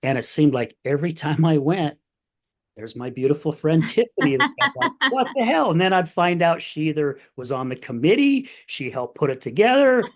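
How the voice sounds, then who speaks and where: A man's voice: fairly high pitch, big pitch swings, normal speed, darkish tone. A man hosting a podcast in casual conversation, telling his own story openly and getting emotional. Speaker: podcast host.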